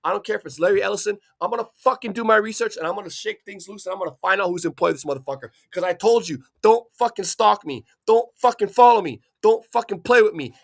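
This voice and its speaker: A man from Hawaii delivering an angry, profanity-filled rant, swearing constantly and bursting into shouts. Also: high voice, creaky. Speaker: vlogger.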